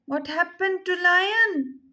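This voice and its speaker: A woman speech therapist teaching a child with a story, slowly repeating her prompts and questions. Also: extremely high pitch, very noisy. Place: therapy session room.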